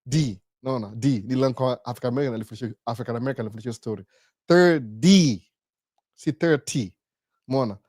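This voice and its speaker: A man's voice: mid-range voice, dry recording, studio quality. A man, hosting a live Q&A and asking himself rhetorical questions as he explains. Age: 40s. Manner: mixes English and Swahili, rhetorical questions, animated. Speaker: host. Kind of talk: live Q&A talk.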